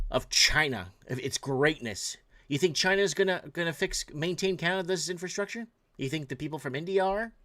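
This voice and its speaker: A man from Portugal hosts a late-night call-in show in a heated, emphatic rant. His voice sits a little high for a man, and his pitch swings widely as he presses each point. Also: fairly bright tone. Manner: reads out viewer messages. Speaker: talk show host.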